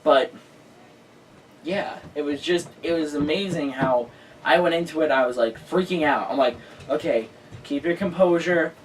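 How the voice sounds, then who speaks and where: A male host telling a story in casual chat, excitable and full of filler words. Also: on the high side, normal speed, recorded from a distance, slight background noise, poor audio.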